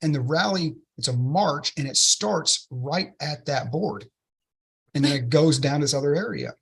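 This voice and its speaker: A man, an interview guest telling a story with excitement and many "right?" tag questions. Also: a little high, measured pace, gravelly, husky. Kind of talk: enthusiastic storytelling in a podcast interview.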